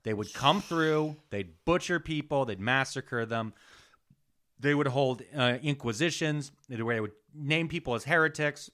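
A podcast co-host with a medium-pitched, sharp-toned voice talks through history at an unhurried pace. The chat is casual, he swears freely, and he slips into mocking quoted voices.

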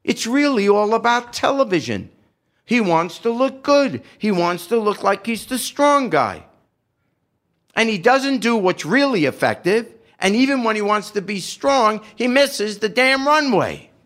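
A man's voice: high-pitched, very animated, unhurried, a bit bright. An older man giving impassioned, indignant political commentary, firing off rhetorical questions with a sarcastic edge. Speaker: podcast guest.

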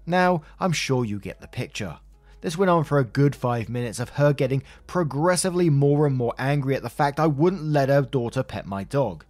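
A man narrating a first-person story in a sardonic, animated way. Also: medium pitch, normal speed, dry recording, soft background music.

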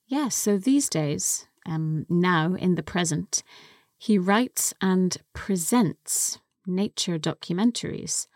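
A woman co-hosting a podcast English lesson, explaining words slowly and carefully into a close studio mic. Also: fairly low pitch, animated, a little mellow, no room sound. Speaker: co-host and English teacher.

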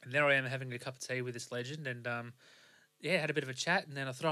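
A man's voice: medium pitch, steady tone, fast, bright, forceful tone. A young Australian man hosting a podcast, telling a road trip story in a rambling, casual way with lots of fillers and restarts. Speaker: podcast host.

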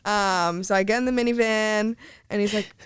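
A young woman tells stories in a loose, animated podcast chat. Her voice is smooth and clear, recorded close with almost no room sound. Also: medium pitch, normal speed, no echo. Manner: animated storytelling, swearing, laughing. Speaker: guest.

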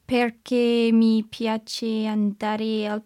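A woman's voice: on the high side, monotone, extremely slow, mellow, clear, resonant tone. A woman learning a language on a podcast, answering tentatively and thinking aloud before she answers.

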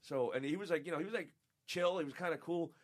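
Guest: man from upstate New York, fairly high voice, swears freely, acts out quotes while telling radio stories. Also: fast talker. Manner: profane, animated, laughing, acts out quotes. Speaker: guest, former radio show staffer. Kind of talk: casual storytelling chat.

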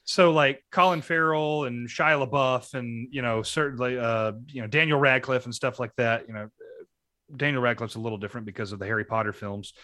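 A man with a bright, forward voice chats about movies, agreeing readily and pushing his picks with eagerness. The sound is close and dry. His pitch stays in an ordinary middle range. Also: steady tone, no room sound. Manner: agreeable, quick affirmations, eager recommendations. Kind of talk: casual movie chat.

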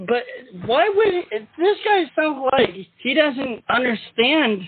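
A man's voice: extremely high pitch, big pitch swings, measured pace. A man hosting a call-in show, asking chatty, probing questions in a casual interview. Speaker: radio show host. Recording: tinny phone line with faint hiss.

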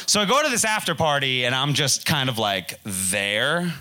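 A man's voice: mid-range voice, sing-song, a little fast, few pauses, pushed and bright. A man in his twenties from the Boston area, telling a comic personal story on stage with big swings for punchlines and quoted voices. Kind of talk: live comedic storytelling.

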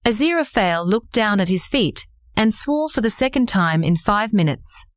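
A woman's voice: mid-range voice, lively intonation, moderate pace, no room sound, natural voice. A woman voicing a chirpy smart-speaker assistant. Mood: reading aloud. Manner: chirpy, reading aloud evenly. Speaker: voice actor.

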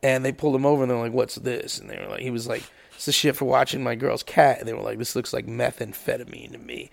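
A man's voice: medium pitch, very animated, quick pace, creaky. A man co-hosting a podcast, swearing freely and acting out the people in his stories. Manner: profane storyteller acting out quotes. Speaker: podcast co-host. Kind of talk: casual podcast banter.

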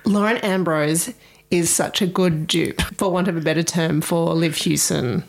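A woman co-hosting a podcast in casual chat, excitable and quick with asides, laughing often. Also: fairly low pitch, creaky. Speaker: podcast co-host.

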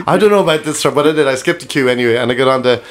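A man tells a long, rambling story, stacking detail on detail as he goes. His voice sits in an ordinary middle pitch, and the talk is loose and chatty, like a podcast co-host among friends. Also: rapid-fire. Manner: rambling anecdotes with laughs. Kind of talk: casual chat.

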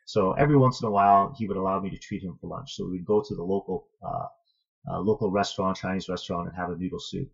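A man with a low, gravelly, husky voice tells a personal story as a guest in an earnest, reflective way. The audio is dull and lo-fi. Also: fairly even intonation. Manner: earnest, thoughtful, measured. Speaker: interview guest, martial arts student.

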